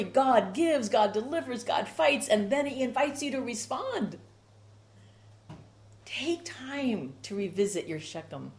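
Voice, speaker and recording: A woman's voice: mid-range voice, a little mellow. A woman preaching a sermon with rhythmic repetition and strong emphasis.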